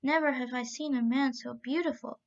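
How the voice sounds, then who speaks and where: A woman's voice: high voice, fairly even intonation, normal speed. A woman doing a timid little slave girl. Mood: earnest. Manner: simple, eager. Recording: dull lo-fi recording.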